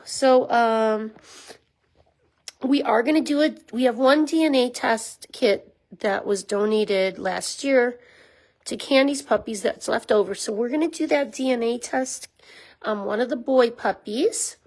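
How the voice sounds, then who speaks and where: Chatty woman with a fairly high voice. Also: expressive, unhurried, vocal fry, poor audio. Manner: chatty and rambling with many ums, softening into baby talk for the dog. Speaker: dog rescue volunteer. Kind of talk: casual talking-head explainer to camera. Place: small room at home with a puppy pen, indoors.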